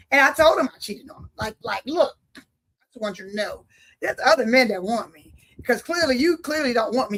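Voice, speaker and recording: A woman's voice: high-pitched, a bit bright. A woman giving a personal faith testimony, telling her story vividly and speaking straight to her listeners like a preacher. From Philadelphia. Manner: vivid storyteller, acts out dialogue; preacherly, addresses audience directly.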